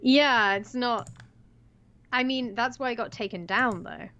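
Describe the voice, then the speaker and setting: A woman's voice: on the high side, measured pace, fairly bright tone, clean tone. Rambling young woman, muffled call audio. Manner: rambling, filler-heavy, giggly. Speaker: co-host. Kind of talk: casual livestream chat.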